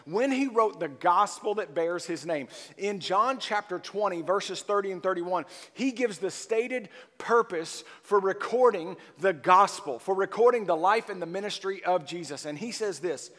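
A man preaching a sermon, his voice pitched fairly high for a man. He builds emphasis on key words and calls out for the congregation to answer. The sound carries a long reverberant tail from the church hall. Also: lively intonation, moderate pace, few pauses, fairly bright tone. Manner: emphatic, rises and presses on key words, call-and-response with the congregation. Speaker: pastor.

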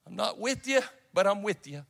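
A man preaching a sermon, telling a story with passion and moving between shouts and hushed, quiet lines. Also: high-pitched, animated, normal speed, gravelly, big-room sound. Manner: impassioned storytelling, swinging from shouts to hushed tones.

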